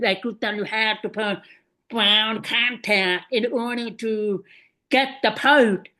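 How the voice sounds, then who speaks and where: A woman's voice: fairly high pitch, steady tone, slow, pushed and bright. A woman hosting a podcast, asking long, winding questions of her guest. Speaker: podcast host. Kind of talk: interview questions.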